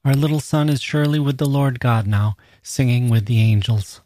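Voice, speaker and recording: A man's voice: medium pitch, moderate pace, warm tone, dry recording, clean studio sound, natural voice. A man reading aloud as a grieving peasant mother, in a plain, slightly raised delivery. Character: grieving peasant mother, middle-aged woman.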